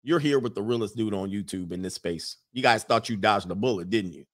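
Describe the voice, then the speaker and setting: A man's voice: lowish voice, brisk, a bit bright. A man hosting a casual livestream, teasing and boastful in tone, who laughs often as he talks. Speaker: YouTube livestream host.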